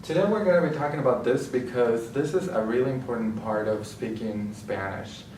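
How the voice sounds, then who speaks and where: A male Spanish teacher giving a slow, explanatory lecture with frequent restarts. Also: mid-range voice, darkish tone, a little hiss or hum. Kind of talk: classroom-style lecture. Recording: roomy and distant with faint ambience.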